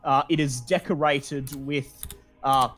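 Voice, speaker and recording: Slow, laid-back male game master. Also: mid-range voice, steady tone, a bit bright, faint music behind. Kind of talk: narrating a tabletop game.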